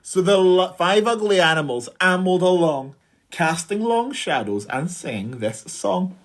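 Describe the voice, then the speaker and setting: A woman's voice: fairly low pitch, slow. Woman reading a rhyming story aloud. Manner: lively storytelling with exclaimed shouts. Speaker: teacher leading assembly. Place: at home.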